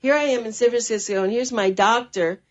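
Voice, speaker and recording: A woman's voice: a little high, steady tone, fairly quick. A woman hosting a radio talk show, chatty and playful in casual conversation. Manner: chatty, laughs a lot, playful. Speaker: radio host. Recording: dull lo-fi radio broadcast.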